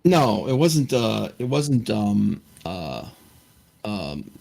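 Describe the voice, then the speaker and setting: A man's voice: on the low side, very animated, drawn-out words, vocal fry, dark tone. A man hosting a podcast in casual chat, rambling and stammering through lots of fillers. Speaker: podcast host.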